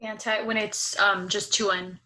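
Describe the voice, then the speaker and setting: A woman's voice: mid-range voice, flat delivery, a little slow, pushed and bright, rough recording. A young woman student answering a tutor's questions, hesitant and thinking aloud with many fillers.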